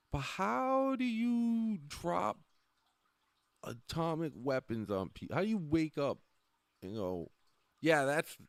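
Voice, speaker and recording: A man's voice: fairly high pitch, no echo. A man talking casually on a livestream, rambling, often trailing off and laughing between thoughts. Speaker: livestream host.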